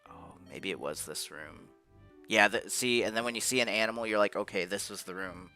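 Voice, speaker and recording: A man with a fairly low, pushed, bright voice talks a little fast over his own gameplay footage. His post-game commentary is casual and rambling, frustrated, and full of swearing, with faint game music behind him.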